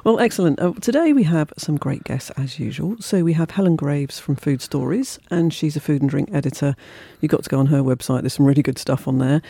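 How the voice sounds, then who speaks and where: Fast-talking gravelly woman host. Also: low voice, dry recording. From South London. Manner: chatty, teasing, animated. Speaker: radio show host. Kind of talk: casual radio chat.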